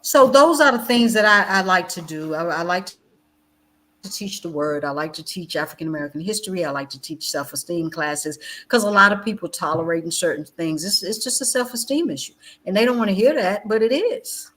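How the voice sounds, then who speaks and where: Talking a little fast over a video call, a middle-aged guest educator who previously served as a chaplain tells stories with passionate, conversational energy. She insists, repeats phrases, and alternates loud outbursts with low, quiet passages.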